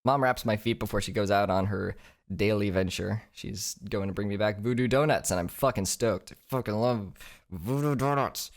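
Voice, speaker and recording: A man's voice: fairly low pitch, moderate pace. A tired young man in a hotel room, talking in a crude, joking vlog monologue and laughing often. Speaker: vlogger.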